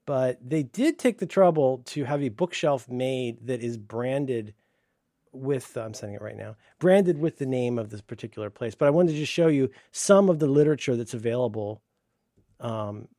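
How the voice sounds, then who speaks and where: A man's voice: moderate pace, dark tone, no echo, studio quality. A middle-aged man on a podcast, telling a rambling, profane, sardonic story in casual chat. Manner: puts on high voices when quoting staff. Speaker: podcast co-host.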